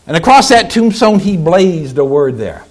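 A man delivers a sermon as pastor, alternating between booming exhortations and quiet pleas while asking rhetorical questions and stretching out important words. He speaks with a somewhat high, sing-song voice.

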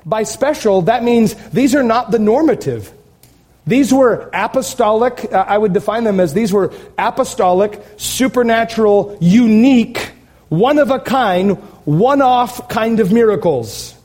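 A man's voice: high-pitched, lively intonation, unhurried, a little mellow. A male pastor preaching a sermon, emphatic and fired up, with sarcastic asides.

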